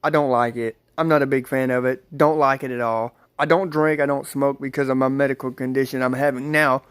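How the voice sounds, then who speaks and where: A man's voice: mid-range voice, fairly even intonation, a little fast, clean tone, no echo. A man telling a rambling story to his viewers, repeating himself and calling them guys. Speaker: vlogger. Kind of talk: casual storytelling to camera.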